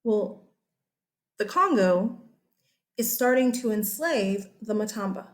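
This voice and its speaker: A woman's voice: medium pitch, expressive, takes it slowly. A woman teacher giving a casual, chatty history lecture over slides. She often checks in with her listeners.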